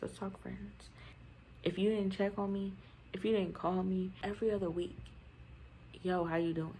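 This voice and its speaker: A woman's voice: mid-range voice, fairly even intonation, normal speed, warm tone, slight background noise, rough recording. A nineteen-year-old woman and new mother, chatting casually and candidly on her vlog in rambling, slangy talk at home. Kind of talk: casual chat.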